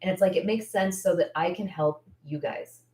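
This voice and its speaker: A woman's voice: lowish voice, normal speed, warm tone, echoey room. A woman business coach chatting on a livestream, candid and effusive, rambling with lots of likes and restarts. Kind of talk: casual livestream chat.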